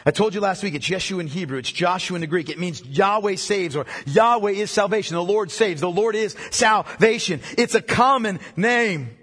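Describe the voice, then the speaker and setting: A male pastor preaching a sermon, emphatic, repeating key phrases and dropping low for weight. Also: animated, moderate pace, hardly any pauses, a bit bright, slightly rough. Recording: long reverb of a large hall.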